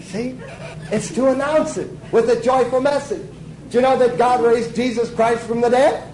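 A man's voice: very high-pitched, moderate pace, noisy background. A man teaching a Bible class in sermon style, emphatic, asking the class questions and answering them himself.

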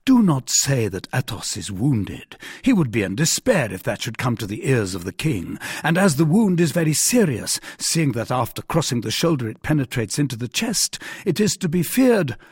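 A man's voice: medium pitch, big pitch swings, moderate pace, hardly any pauses, no echo, studio quality. A man playing a courtly, polite musketeer. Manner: smooth, courtly pleading.

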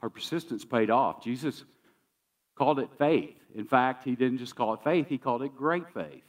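A man's voice: mid-range voice, lively intonation, normal speed, far from the mic. A man pastor preaching a sermon in a conversational, emphatic way, often repeating key phrases.

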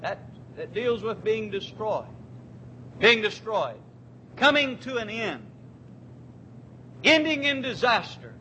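Male preacher, high and bright, drawn-out scripture readings, light room rumble. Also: big pitch swings, poor audio. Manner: emphatic preaching, repeats key words, slows on scripture. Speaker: pastor. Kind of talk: sermon.

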